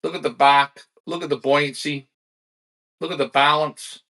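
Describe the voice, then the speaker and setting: A man hosting a live-streamed pigeon auction, energetic and salesy, talking straight to his viewers. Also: a little high, a little slow. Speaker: livestream pigeon auction host.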